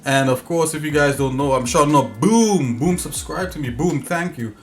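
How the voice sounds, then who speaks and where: A man's voice: on the high side, normal speed, soft background music. A man hosting a casual livestream as a game developer, talking in an easygoing, rambling way with lots of fillers.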